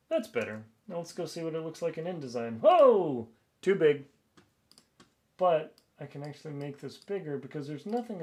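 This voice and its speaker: A man's voice: medium pitch, gravelly. A man streaming live as he works, chatting casually, laughing, and thinking aloud. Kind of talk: casual live-stream chat while working.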